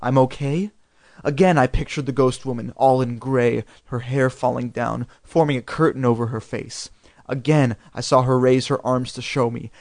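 A man's voice: mid-range voice, normal speed, dry recording, studio quality. Man reading a spooky storybook aloud. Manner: expressive, dramatic reading. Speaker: reader.

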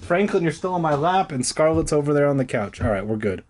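A man's voice: on the high side, animated, quick pace, darkish tone. A man reading a children's horror book aloud, breaking off for crude, sarcastic asides. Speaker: reader.

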